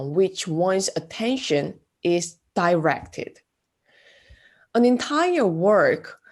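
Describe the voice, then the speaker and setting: A woman giving a classroom art lecture, speaking haltingly with many fillers. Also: lowish voice, a little mellow. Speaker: art instructor.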